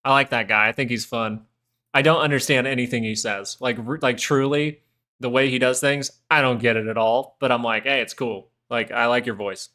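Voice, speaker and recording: A man's voice: medium pitch, fairly even intonation, a little fast, sharp tone. Chatty man hosting a live stream. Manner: rambling, chatty, full of fillers and asides. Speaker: stock market stream host. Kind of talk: casual live-stream commentary.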